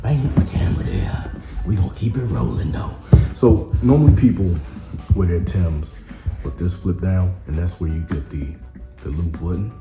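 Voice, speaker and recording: A man casually reviewing sneakers on camera, relaxed and rambling with many fillers. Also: low-pitched, normal speed, reverberant, music in the background. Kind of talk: casual product review vlog. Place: indoor room with camera. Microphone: camera mic.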